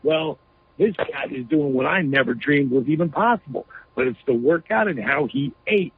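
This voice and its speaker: A man's voice: fairly high pitch, animated, moderate pace, breathy edge, dry recording. A man being interviewed, telling a story emphatically with lots of "you know" fillers over a phone line. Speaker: interview guest.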